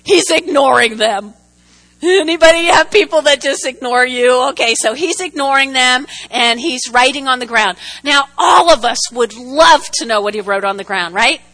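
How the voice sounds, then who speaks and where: High, bright-voiced woman preaching a sermon. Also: normal speed, low-quality recording. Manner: animated, repeats for emphasis, checks in with "okay?".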